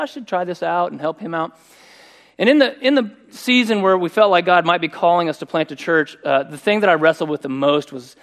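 A middle-aged man preaching a sermon, telling a personal story in a conversational, animated way. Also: on the high side. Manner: conversational and animated, voicing quoted speech. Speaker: pastor.

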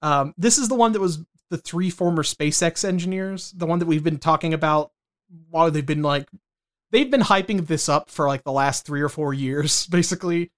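A man's voice: on the high side, normal speed. A man co-hosting a podcast in casual banter, swearing casually and reading news items aloud. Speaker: podcast co-host.

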